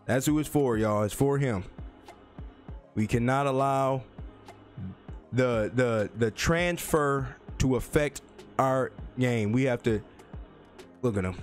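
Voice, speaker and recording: A man giving live commentary on a football video game, trash-talking and jumping into high yelps, his voice cracking. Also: takes it slowly, pauses often, faint music behind. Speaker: gaming YouTuber.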